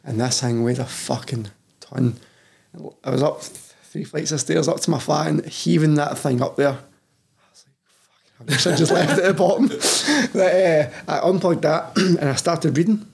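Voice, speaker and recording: Gravelly Scottish man, candid and sweary. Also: a little high, measured pace, a little mellow. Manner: candid, sweary, says "mate" constantly. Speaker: guest, personal trainer. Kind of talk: casual podcast chat.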